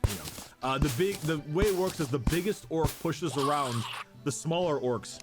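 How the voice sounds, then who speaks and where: A man's voice: a little high, lively intonation, normal speed, loud music behind the voice. A man co-hosting a casual podcast, explaining lore in a rambling way with many repeated words and restarts.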